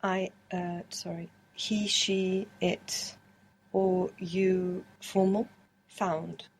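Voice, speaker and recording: A woman student giving soft, hesitant short answers in an audio lesson. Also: on the low side, level tone, very slow, slight background noise, rough recording.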